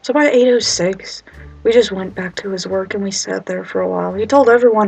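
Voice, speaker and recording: Husky young woman telling a story. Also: medium pitch, fairly quick, soft background music, low-quality recording. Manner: animated, acts out quoted voices, nervous humor. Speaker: vlogger. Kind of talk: casual storytime vlog.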